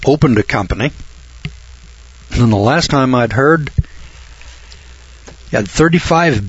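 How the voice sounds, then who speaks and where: An older man telling a folksy anecdote, halting and rambling, often clearing his throat and slowing down for the punchlines. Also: mid-range voice, lively intonation, muffled recording. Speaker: storyteller.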